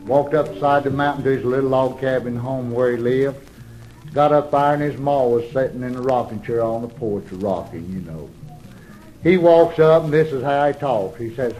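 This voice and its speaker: Slow-drawling Appalachian man telling a story. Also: mid-range voice, a little mellow, muffled recording. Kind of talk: folksy comic storytelling.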